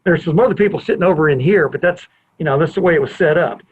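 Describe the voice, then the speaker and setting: This man's voice sits on the high side and carries a breathy edge, and he talks fast. As a podcast host in his home family room, he tells a sprawling anecdote that often strays off course, heard through a tinny, phone-like line.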